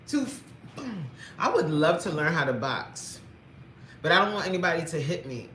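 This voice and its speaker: A woman's voice: sits low, animated, normal speed, a bit bright, echoey room, slight background noise. A woman fitness coach chatting playfully on a livestream, greeting viewers by name, reading their comments aloud and laughing often.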